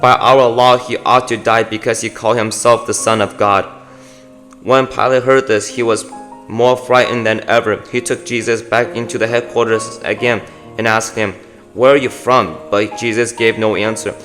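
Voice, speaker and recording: Low-voiced man reading scripture. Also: level tone, moderate pace, fairly bright tone, soft background music. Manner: reads aloud with frequent slips and self-corrections. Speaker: Bible reader.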